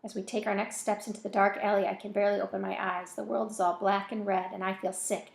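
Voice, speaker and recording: A woman's voice: mid-range voice, flat delivery, quick pace, creaky, roomy sound. A woman reading a novel aloud in an informal way, with casual self-correcting asides between chapters. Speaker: reader of a novel.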